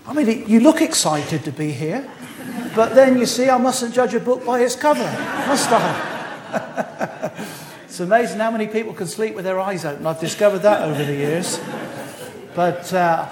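A man's voice: high-pitched, a little mellow. Humorous male preacher in an echoey church. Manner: humorous, teasing the congregation, slows for scripture. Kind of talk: sermon.

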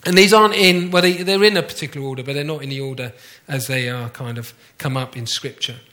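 A man preaching a conversational sermon to his congregation, often asking them questions and slowly repeating key phrases. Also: medium pitch, sharp tone. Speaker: pastor.

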